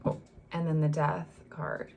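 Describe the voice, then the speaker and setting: A woman's voice: low-pitched, level tone, unhurried, gravelly, darkish tone, slight background noise. A woman giving a casual, emotional tarot reading, acting out what she senses with sighs and broken-off sentences. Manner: emotional, acts out the feelings she reads, sighs and trails off. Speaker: tarot reader.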